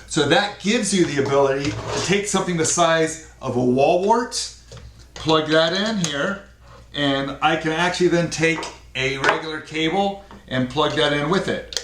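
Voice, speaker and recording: A man's voice: a little high, a little slow, fairly bright tone. Man reviewing gadgets in an echoey room. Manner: plain, explaining step by step with fillers. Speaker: product reviewer. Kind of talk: casual unboxing review. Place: indoor room at a desk. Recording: echoey room, faint noise.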